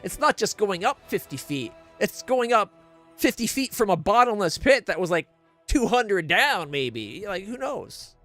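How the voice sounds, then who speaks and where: A man's voice: sits high, big pitch swings, measured pace, sharp tone, soft background music. A man streaming a game blind, ranting in exasperated, profane casual commentary into a desk mic.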